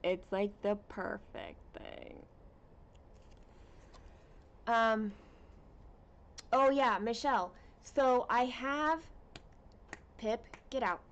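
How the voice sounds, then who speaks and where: A woman hosting a casual cross-stitch livestream at home, chatting with viewers and reading out their comments in an unhurried way with plenty of fillers. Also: a little high, dull audio, a little hiss or hum.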